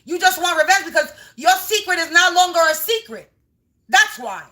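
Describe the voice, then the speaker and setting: A woman's voice: extremely high pitch, lively intonation, moderate pace, pushed and bright. A woman doing a casual spiritual reading on a livestream from home, emphatic and repetitive, talking straight to her viewers.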